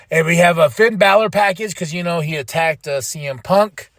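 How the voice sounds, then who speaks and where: A man hosting a podcast, excitedly recapping a wrestling show in casual chat, laughing and swearing freely. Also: on the high side, normal speed, dry recording. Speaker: podcast host.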